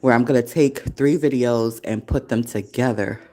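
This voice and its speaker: A woman in her forties, a café founder who hosts a podcast, rambles through a casual solo episode recorded on her desktop computer, laughing often and cursing heavily. Her voice is rumbling low and dark, at a moderate pace.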